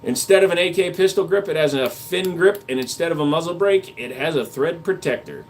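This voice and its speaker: On his livestream, a man with a somewhat high voice reads chat comments aloud and jokes crudely, tossing in casual gun talk. He speaks briskly, and there's slight background noise.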